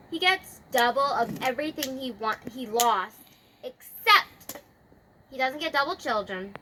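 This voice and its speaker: A woman's voice: fairly high pitch, background noise. A woman retelling a scripture story in casual, slangy chat. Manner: chatty, slangy, filler-heavy.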